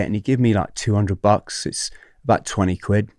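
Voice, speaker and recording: A man's voice: lowish voice, fairly even intonation, moderate pace, darkish tone, dry recording, studio quality. A man in his forties telling a story as a podcast guest, acting out what other people said, swearing and laughing often.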